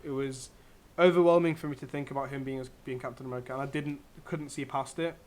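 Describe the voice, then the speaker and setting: A man's voice: medium pitch, steady tone, quick pace, darkish tone, slight background noise. A young man co-hosting a casual TV review, chatty and enthusiastic, often correcting himself. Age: young adult. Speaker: co-host reviewing a TV series. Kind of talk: casual chat.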